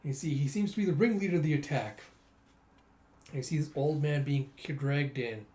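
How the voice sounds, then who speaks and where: A man's voice: on the high side, a little fast. Man animatedly recapping a comic. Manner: animated, acts out the lines. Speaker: manga recapper. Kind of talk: casual story recap. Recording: roomy echo.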